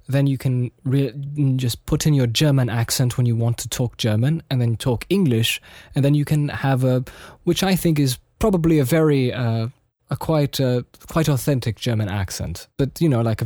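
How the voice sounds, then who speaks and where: A man's voice: mid-range voice, dark tone, no echo, studio quality. A man hosting a podcast, telling a meandering personal story with many restarts and fillers. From United States and Austria. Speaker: podcast host. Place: studio.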